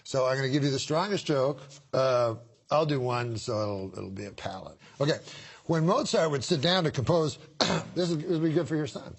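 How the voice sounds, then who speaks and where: A man's voice: medium pitch, animated, moderate pace, slightly rough. A male talk show host bantering casually with guests, laughing often and teasing.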